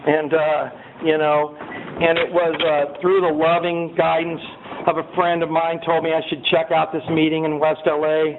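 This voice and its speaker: Man giving a recovery testimony, high-pitched and animated, lots of fillers, tinny phone-line sound with a faint hiss. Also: moderate pace. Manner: animated storyteller, with many fillers, who raises his voice when reliving scenes. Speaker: speaker sharing his recovery story. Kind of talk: personal testimony talk.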